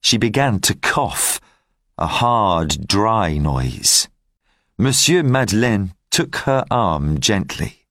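A man narrating a simplified audiobook, telling the story in slow, clear sentences. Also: fairly low pitch, big pitch swings, fairly bright tone, no echo. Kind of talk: graded-reader audiobook narration. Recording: dry close audiobook mic.

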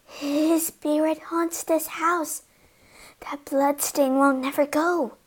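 A woman voicing a nervous old female housekeeper who speaks in a hushed, breathy whisper with a low, trembling manner. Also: wildly swooping pitch, measured pace, full character voice. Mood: fearful whisper.

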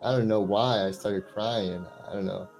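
A man's voice: fairly low pitch, fairly even intonation, moderate pace, vocal fry, a little mellow, soft background music. A young man, a guest English tutor, chatting casually and telling stories in a rambling way, full of "like". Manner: rambling storytelling, filled with "like". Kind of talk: casual chat.

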